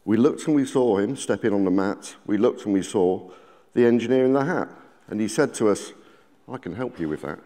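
A man's voice: on the low side, fairly quick, dark tone. A man reading his own rhyming children's book aloud to a live audience at a conference, with a sing-song cadence and theatrical quoted voices. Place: large conference hall. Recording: reverberant conference hall.

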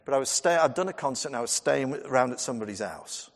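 A man's voice: mid-range voice, animated, fast, vocal fry. A man in his fifties, a Methodist minister, preaching a sermon in a chatty storytelling way with humour and asides to the congregation. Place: church. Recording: long church reverb.

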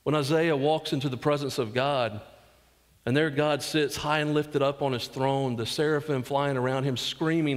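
A man's voice: mid-range voice, fairly even intonation, normal speed. A man with a Southern US accent preaching a sermon as pastor, earnest, acting out quotes and dropping asides to the congregation. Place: church sanctuary. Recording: long church reverb.

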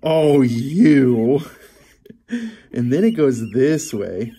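A man's voice: mid-range voice, extremely slow, mellow, husky. A man who hosts a guinea pig channel, talking to his pet in a cooing, affectionate way while brushing it, with frequent chuckles.

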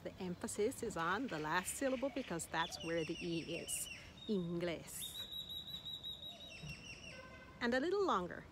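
A woman teaching a language lesson at an unhurried pace, sounding encouraging and patient. She repeats each word slowly and distinctly so the listener can follow. Noticeable background noise runs under her voice from an outdoor spot. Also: fairly low pitch. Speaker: Spanish teacher. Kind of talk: slow, clear language lesson. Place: outdoors in Mexico.

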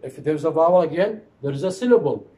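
A man's voice: on the high side, lively intonation, quick pace, dark tone. A man lecturing on phonetics, repeating himself and answering his own questions. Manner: repetitive, asks questions and answers them. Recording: echoey room with faint noise.

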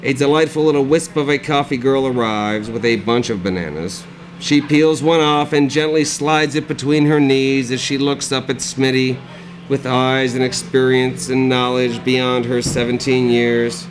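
A man reading his own dark comic prose aloud at a live cafe reading, with a dry, sardonic delivery. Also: medium pitch, steady tone, moderate pace, slight background noise, poor audio.

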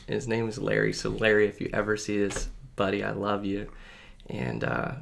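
Low gravelly-voiced man, earnest. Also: animated, normal speed, a little hiss or hum. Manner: earnest, rambling with many fillers. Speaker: podcast guest. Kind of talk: casual testimony chat.

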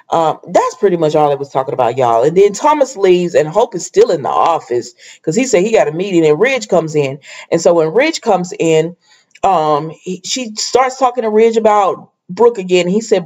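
A woman's voice: lowish voice, expressive, moderate pace, a little mellow. A woman giving a casual, chatty recap of a soap episode, with exasperated asides to her viewers. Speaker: soap opera reviewer.

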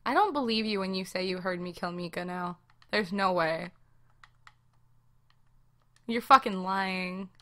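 A woman's voice: medium pitch, pushed and bright. A woman gaming and chatting casually, teasing her friend and laughing often. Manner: teasing, laughing, taunting in a drawn-out voice. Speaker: gamer playing the killer.

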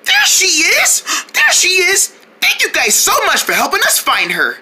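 A woman voicing an anxious, loving mother cricket who calls out shrilly and frantically, with a breathy voice. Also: very high-pitched, wildly swooping pitch, normal speed, noisy background, pitched above the performer's own voice, full character voice. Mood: overjoyed.

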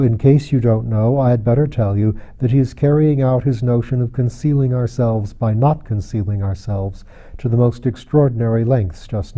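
A man voicing a grave, melancholy male anarchist secretary who speaks with flat, lifeless civility. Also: medium pitch, lightly acted.

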